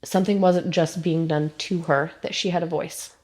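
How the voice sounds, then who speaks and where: A woman's voice: fairly low pitch, steady tone, moderate pace, a little mellow. A woman in her thirties, a mother, giving heartfelt, proud interview answers about her family. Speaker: mother of guests.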